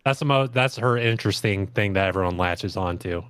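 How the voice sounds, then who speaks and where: A man in casual chat, deadpan and contrarian. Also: fairly low pitch, brisk, clean tone, dry recording.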